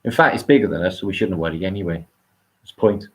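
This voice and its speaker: A middle-aged man with a British accent talks off the cuff on a live stream, with a somewhat low voice. His delivery rambles and swears freely, jumping up and down in pitch as he gets worked up. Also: fast. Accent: British English. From England. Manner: rambling, profane, animated swings in pitch. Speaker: livestream host. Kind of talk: casual live-stream monologue.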